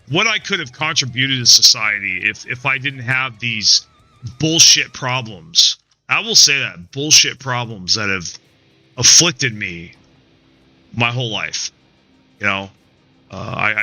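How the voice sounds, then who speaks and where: A man live-streams a video game, chatting casually in a rambling, profane, frustrated way, restarting sentences and tacking on "man" and "dude." His mid-range voice sounds pushed and bright, with no echo.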